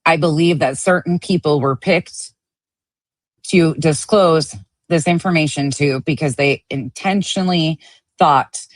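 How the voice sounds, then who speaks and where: Female streamer, low voice, angry and foul-mouthed, dry sound. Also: unhurried, no echo. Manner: angry, profane ranting. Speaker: online drama commentator. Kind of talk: heated livestream commentary.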